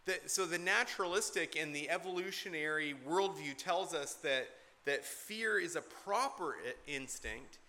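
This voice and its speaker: A man's voice: a little high, expressive, normal speed, few pauses, pushed and bright. A man preaching an expository sermon from the pulpit, earnest and emphatic, repeating key points to drive them home. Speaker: pastor.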